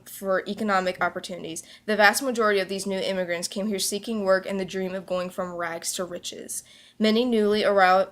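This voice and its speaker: Woman, student presenter, reading a school report aloud, medium pitch, occasional slips.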